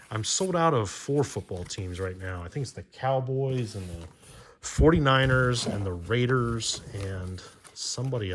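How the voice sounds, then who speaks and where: A man's voice: fairly low pitch, a bit bright, slight background noise. A man chatting loosely on his card-collecting channel, rambling with fillers and restarts as he sorts through old boxes. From Maryland, US. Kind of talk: casual chat while opening cards.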